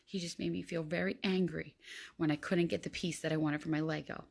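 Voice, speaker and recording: A woman voicing a young boy who speaks slowly and earnestly, sounding apologetic. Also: low-pitched, fairly even intonation, vocal fry, pitched above the performer's own voice.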